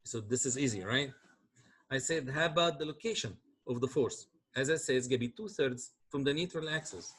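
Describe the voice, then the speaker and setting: In a mid-range, slightly rough voice, a man gives a university engineering lecture. He works through calculations step by step and often checks that his students are keeping up.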